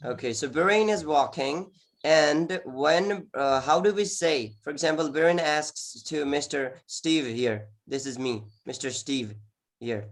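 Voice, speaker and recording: A man's voice: a little high, measured pace. A man teaching an online English exam class, encouraging, repeating words often with many "okay"s. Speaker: IELTS teacher.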